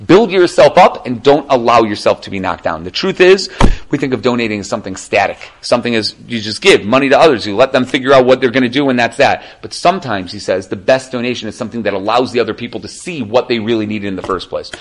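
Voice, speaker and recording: A man giving a casual Torah class, animated and conversational, often checking in with the listener. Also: mid-range voice, fast talker, poor audio. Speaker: Torah teacher.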